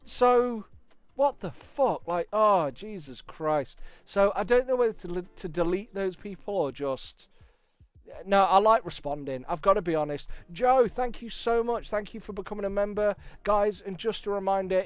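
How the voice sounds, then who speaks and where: Chatty Nottingham man, crisp close voice. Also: high voice, dry recording. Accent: Nottingham English. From England. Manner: chatty, swears freely, bursts of excitement thanking viewers. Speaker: livestream host. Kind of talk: casual livestream chat reading viewer comments.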